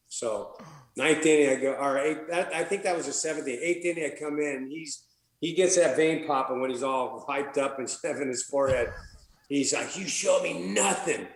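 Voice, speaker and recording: A man's voice: medium pitch, fairly quick. A man guesting on a podcast, telling a casual, profane story, laughing and acting out what others said. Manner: profane, laughing, acts out quoted dialogue. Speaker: podcast guest, former pitcher. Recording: roomy echo.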